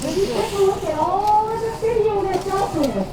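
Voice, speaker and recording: A woman protester addressing a press conference outdoors in a parking lot, making forceful, repeated rallying appeals. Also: very high voice, animated, normal speed, heavy background noise. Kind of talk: impassioned public address.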